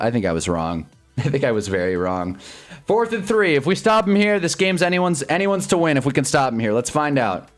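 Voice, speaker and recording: A man streaming live sports commentary who swings between loud yelps and low mutters and chats with his viewers' comments. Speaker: streamer hosting a live game watch-along.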